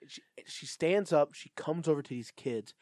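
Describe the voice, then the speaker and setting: A man's voice: on the high side, lively intonation, normal speed, a little mellow, dry recording, studio quality. A man co-hosting a casual podcast, ranting with lots of swearing and easy laughs. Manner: profane, ranting, laughs easily. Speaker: podcast co-host. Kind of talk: casual recap chat.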